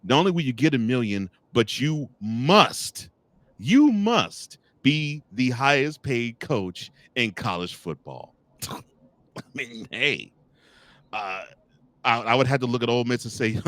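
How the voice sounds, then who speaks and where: Taking his time in a medium-pitched voice, captured in a dry recording, a man hosts a college football talk segment. He's animated and jokey, speaking right to the coaches and officials he mentions.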